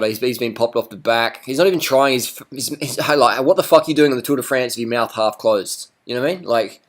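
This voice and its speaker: Blunt, swearing man commentating. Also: mid-range voice. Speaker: cycling commentator. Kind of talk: casual video commentary over race footage.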